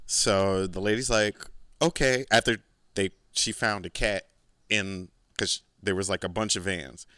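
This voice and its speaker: A man's voice: deep voice, steady tone, unhurried, pushed and bright, clean tone, no room sound. A man hosting a podcast, telling a rambling, profane story in a casual, laid-back way. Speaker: podcast host.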